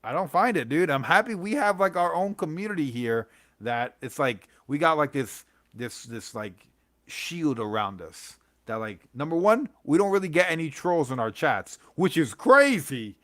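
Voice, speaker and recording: A man's voice: fairly high pitch, very animated, moderate pace, a bit bright, no room sound. A young man hosting a comics livestream, rambling in casual chat with lots of fillers, slang and laughs.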